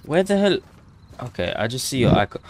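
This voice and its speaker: Teasing young man, lively voice. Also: medium pitch, fairly quick, noisy background. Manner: teasing, joking banter. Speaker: gamer. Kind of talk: casual gameplay chat. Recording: gunfire from the game behind.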